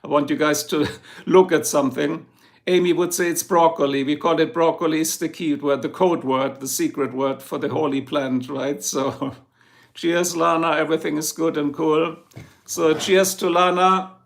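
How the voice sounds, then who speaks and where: A man's voice: on the high side, steady tone, normal speed, vocal fry. A man from Germany with a German accent, casually chatting with viewers on his livestream, joking and greeting people by name. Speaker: livestream host. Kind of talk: casual live chat reading comments. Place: home in Ohio.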